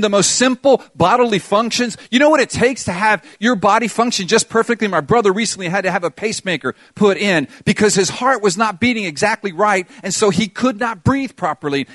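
A man's voice: high-pitched, fairly bright tone, dry recording. An older man preaching a sermon as pastor, earnest and pleading, putting questions to his congregation.

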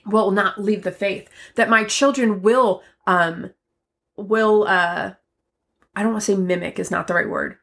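Loud, emphatic woman podcaster. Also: medium pitch, measured pace. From Northeast United States. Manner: loud, emphatic, self-deprecating. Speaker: podcast co-host. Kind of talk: casual faith podcast chat.

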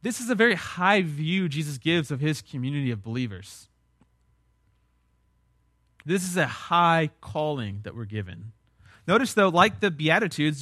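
A man's voice: on the high side, animated, unhurried, pauses often, fairly bright tone, no echo, studio quality. A young man, preaching a sermon in a conversational, emphatic way. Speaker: pastor.

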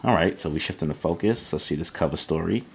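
Deep-voiced laid-back male manga reactor. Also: quick pace, vocal fry, slight background noise. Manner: reads panels aloud with loose slangy asides. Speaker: manga reaction channel host. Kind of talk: casual reaction and read-aloud.

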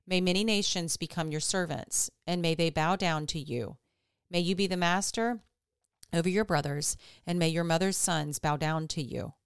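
A woman hosting a podcast, reading scripture aloud in a steady, measured way. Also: fairly low pitch, clean tone, dry recording, studio quality. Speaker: podcast host.

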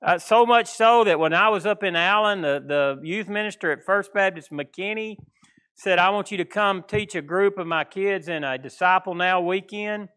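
A man's voice: sits high, moderate pace, sharp tone. A man with an East Texas accent, preaching an informal sermon in a plainspoken, folksy, rambling way. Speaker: pastor.

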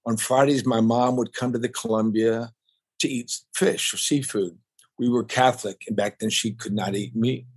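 An older man, a guest on a podcast, telling stories about his family business in a warm, reflective way. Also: mid-range voice, fairly even intonation, normal speed, husky. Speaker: guest, family restaurant owner. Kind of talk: casual interview storytelling.

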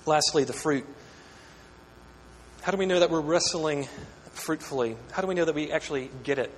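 Man, fairly high voice, earnest sermon, rhetorical questions, repeats words, long hall reverb, faint hum. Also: moderate pace. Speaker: pastor.

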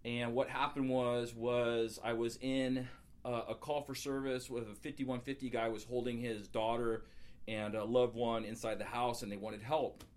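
A man telling his own story as an interview guest, earnest and halting, with frequent restarts. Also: medium pitch, little pitch movement. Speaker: guest, former police officer. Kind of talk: personal storytelling.

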